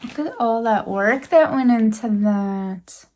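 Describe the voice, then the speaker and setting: Speaking slowly in a fairly high, darkish voice, a woman vlogs to camera while opening a handmade gift. She's a crochet vlogger, and her casual chat is gushing and emotional. She keeps repeating her praise over and over.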